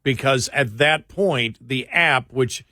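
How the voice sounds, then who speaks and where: A man's voice: medium pitch, takes it slowly, sharp tone, no echo, clean studio sound. Chatty radio talk show host, a man. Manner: chatty, reads a list aloud with quips, speeds up when annoyed. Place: radio studio. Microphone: studio microphone.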